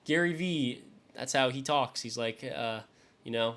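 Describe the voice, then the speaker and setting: A man's voice: mid-range voice, a little slow, long pauses, pushed and bright. A young man streaming live, chatting casually and swearing loosely as he reacts to his chat. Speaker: fantasy football streamer.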